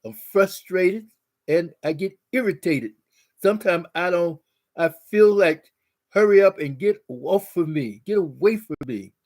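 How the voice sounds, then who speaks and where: Man doing a fed-up middle-aged wife, weary, complaining, slightly higher voice. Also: unhurried, a little mellow. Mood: frustrated. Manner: complaining, listing grievances.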